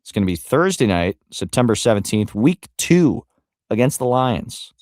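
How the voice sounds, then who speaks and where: This sports podcast co-host has a medium-pitched, slightly mellow voice and is very animated, speaking at a moderate pace. He rambles casually, drops the odd curse, and trails off into frequent fillers. The studio-quality recording has no echo.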